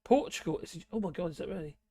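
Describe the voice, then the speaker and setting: A man with a Norfolk accent and a hoarse, gravelly voice, chatting casually on a live stream and reading out viewer comments in a rambling, muttering way. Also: high-pitched, lively intonation, racing, warm tone, dry recording, clean studio sound. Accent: Norfolk English. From Norfolk, England. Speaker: livestream host reading chat.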